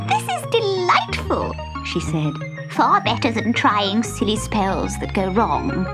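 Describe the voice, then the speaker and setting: Woman doing a young witch, high voice, swooping all over, leisurely, storybook, music behind. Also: wildly swooping pitch, takes it slowly, full character voice. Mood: contented. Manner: bubbly, giggly, breathless exclamations. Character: playful young female witch, dreamy and impulsive. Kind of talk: storybook reading. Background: background music.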